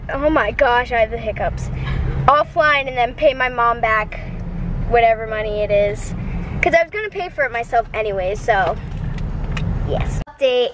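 Bubbly high-voiced young woman vlogging. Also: background noise. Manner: bubbly, giggly, gushing. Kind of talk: casual vlog chat.

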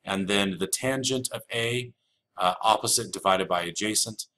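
A fairly low-pitched man talks at normal speed in a bright, forceful tone while teaching a recorded geometry lesson for a flipped classroom. The math teacher explains each step and repeats the key rules with casual fillers, and slight background noise is present.

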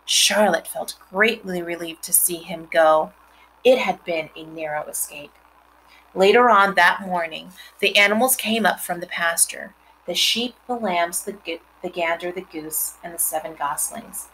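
A woman reading a children's novel aloud, expressive, with chatty asides to her listeners. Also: fairly low pitch, a little slow, a little hiss or hum, poor audio. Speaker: reader.

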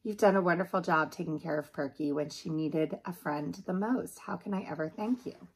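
A woman's voice: fairly low pitch, normal speed, slightly rough. A woman reading aloud, voicing a fussy, fretful dog owner in a picture book.

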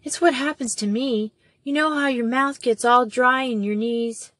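A woman's voice: a little high, steady tone, a little slow, a bit bright, no echo, voice pushed up. A woman reading a storybook and voicing an anxious, tearful nine-year-old girl in a plaintive, upset way. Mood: miserable.

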